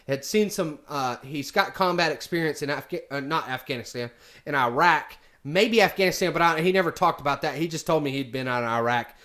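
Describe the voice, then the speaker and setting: Guy rambling through a story, kinda high voice, lots of ums and restarts. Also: fairly bright tone. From United States. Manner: rambling, many fillers and restarts. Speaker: vlogger. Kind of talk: casual storytelling.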